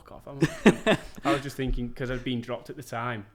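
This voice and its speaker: A man's voice: mid-range voice, level tone, fairly quick, crowd noise. A man, telling stories as a podcast guest in a laid-back, sweary way. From England. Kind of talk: casual chat.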